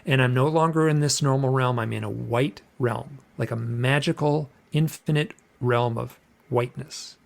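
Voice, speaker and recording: A man's voice: medium pitch, normal speed, creaky, few pauses. Rambling man telling an eerie story. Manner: rambling, repeats phrases, acts out quotes. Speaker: podcast guest recounting an experience. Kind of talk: casual storytelling.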